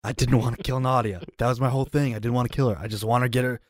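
A man's voice: medium pitch, steady tone, very fast, no room sound, studio quality. A man playing his character in a tabletop game, pleading and exasperated, cursing freely. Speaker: player. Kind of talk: in-character tabletop role-play.

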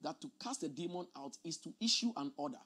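A man's voice: a little high, expressive, fast, a bit bright, husky. A man preaching a teaching sermon, explaining scripture emphatically and often repeating his words.

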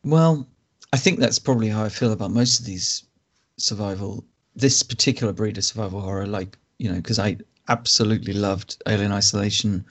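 A man hosting a games podcast, talking in an easygoing way and thinking out loud. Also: fairly low pitch, a little fast. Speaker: podcast host. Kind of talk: casual chat.

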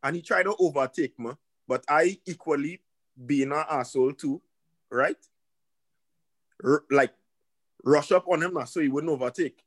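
A man's voice: fairly high pitch, normal speed, long pauses, dry recording. A man co-hosting a podcast, telling a story in casual chat, laughing often and swearing freely. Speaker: podcast co-host.

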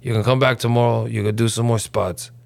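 A man's voice: mid-range voice, fairly even intonation, fairly quick, gravelly, no echo, natural voice. A man voicing a blunt, foul-mouthed male comedy club owner who talks in a crude, plain-spoken way.

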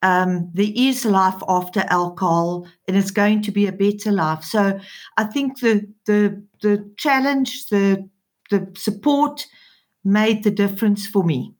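A woman speaks slowly and hesitantly as she gives a reflective personal testimonial. She pauses and restarts often. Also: medium pitch. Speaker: community member testimonial.

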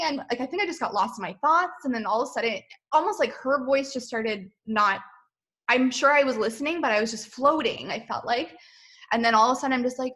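A woman in her thirties talks as a podcast guest in a loose, rambling way, full of "like" and "um." She often laughs at herself. Her voice is bright and sits a little high. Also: brisk. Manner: chatty, self-deprecating, laughs often, many fillers. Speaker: podcast guest, boutique owner. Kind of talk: casual interview chat.

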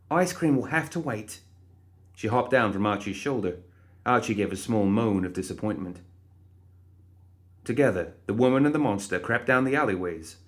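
A man narrating a story in an expressive storytelling style. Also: fairly low pitch.

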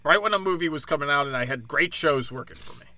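A man talks fast in a slightly high, bright, forceful voice, with slight background noise behind him. He's a podcast host and stand-up comedian on a solo rant, swearing, being sarcastic and angry, and imitating others mockingly in put-on voices.

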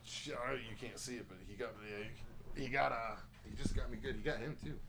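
A man's voice: mid-range voice, fast, a bit bright. A man hosting a casual podcast, telling rambling, profane stories. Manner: profane, rambling storytelling with laughs. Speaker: podcast host. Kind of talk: casual chat.

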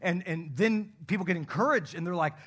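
A man's voice: high-pitched, fairly quick, husky. A pastor in his thirties, from the North Country, preaching with jokes and acted-out little scenes. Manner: animated, joking, acts out little scenes. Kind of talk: sermon.

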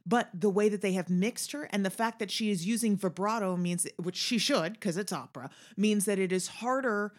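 A woman's voice: medium pitch, normal speed, hardly any pauses. A woman co-hosting a podcast, giving opinionated, sardonic film commentary with opera know-how. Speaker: podcast co-host. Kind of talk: casual chat recapping a film.

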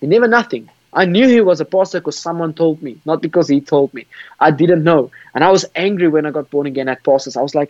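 A man tells the story of his faith on a video call, passionately and earnestly, with many repeated words and restarted sentences. He talks fast in a fairly high, darkish voice. The audio is dull and dry, without echo.

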